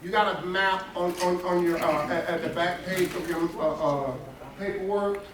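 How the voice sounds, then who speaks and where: Pastor guy teaching bible class, kinda high voice, keeps asking the room questions, far off mic. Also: steady tone, moderate pace, heavy reverb, crowd noise. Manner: emphatic, talks to the class with questions. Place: church classroom. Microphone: distant room mic.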